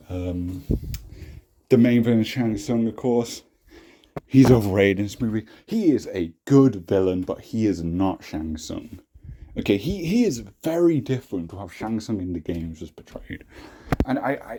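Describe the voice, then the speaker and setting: A man's voice: lowish voice, mellow. A young British man casually giving his opinions, rambling with frequent restarts and blunt swearing. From Britain. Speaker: YouTube reviewer.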